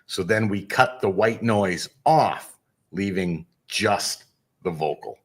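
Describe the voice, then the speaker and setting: Low-voiced male guest; measured, lecturing explainer on a podcast. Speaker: guest researcher. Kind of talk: explanatory interview talk.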